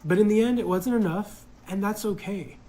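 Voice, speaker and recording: A man's voice: high-pitched, normal speed, warm tone, a little hiss or hum, poor audio. A man casually telling a personal story in a reflective, hesitant way, full of fillers.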